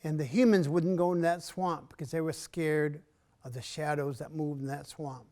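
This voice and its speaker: A man performing a traditional story in an arts center, measured and unhurried, with long pauses and often dropping to a soft voice. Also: a little high, fairly even intonation.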